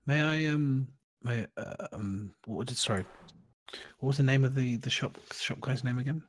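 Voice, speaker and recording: A man's voice: medium pitch, moderate pace. A man playing a tabletop game in character, hesitant and full of fillers. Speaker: player.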